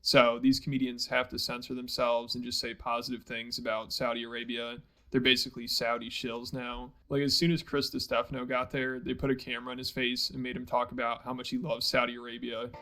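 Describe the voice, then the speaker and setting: Flat-toned blunt male commentary host. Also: medium pitch, fairly quick, rough recording. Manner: blunt, critical. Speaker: channel host. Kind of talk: opinion commentary.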